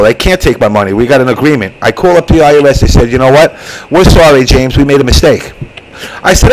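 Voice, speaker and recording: A man's voice: medium pitch, quick pace, a little hiss or hum, rough recording. A man hosting a casual online show, telling a long story with lots of swearing and acted-out voices. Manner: profane, animated storytelling. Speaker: show host. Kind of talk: casual chat.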